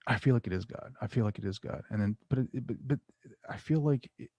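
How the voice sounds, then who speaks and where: A man guest talking about meditation and spirituality in a rambling way, full of restarts, animated when he tells a story. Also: medium pitch, quick pace, dry recording. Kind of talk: casual spiritual chat.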